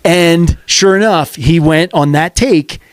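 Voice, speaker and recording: A man who is a podcast guest, telling a quick anecdote in a casual, chatty way. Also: on the high side, no room sound, studio quality. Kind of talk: casual chat.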